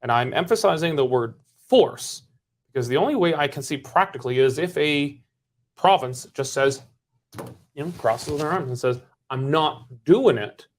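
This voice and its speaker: A man's voice: a little high, lively intonation, moderate pace. A man hosting a casual political panel, pressing guests with probing questions. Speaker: political talk show host.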